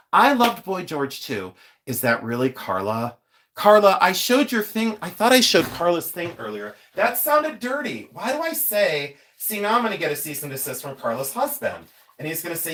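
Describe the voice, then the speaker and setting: A man's voice: a little high, big pitch swings, normal speed, a bit bright. Chatty joking man in his fifties. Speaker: host. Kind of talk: casual live-stream chat.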